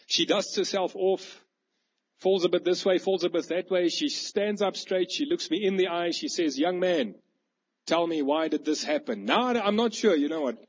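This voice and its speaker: A man, preaching a sermon with animated, vivid storytelling. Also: high-pitched, moderate pace. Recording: dull lo-fi recording.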